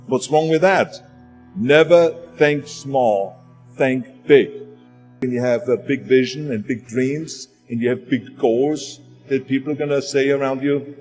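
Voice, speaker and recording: A man's voice: fairly high pitch, a little mellow. A man with a German accent giving a motivational speech, emphatic and repeating his key phrases. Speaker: motivational speaker. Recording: long hall reverb with music underneath.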